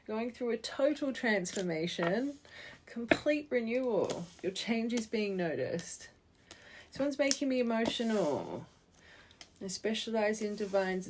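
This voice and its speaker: A woman's voice: medium pitch, noisy background. A woman giving a spiritual tarot reading to her viewers, earnest and encouraging, thinking aloud as she goes. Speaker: tarot reader.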